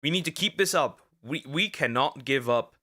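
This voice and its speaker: Reacting on stream as a vtuber, this man speaks his mind in a ranting, outspoken way, his talk halting and wandering with lots of fillers and restarts. He has a medium pitch with lively intonation and a bright, pushed delivery.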